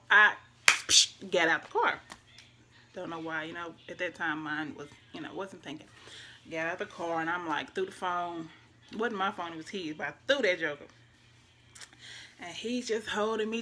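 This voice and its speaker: A young woman, speaking in a bright, clear voice that sits a little low. She recounts a personal story in a casual, emotional way. Her voice often sinks to a hushed near-whisper, over faint background noise. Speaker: vlogger.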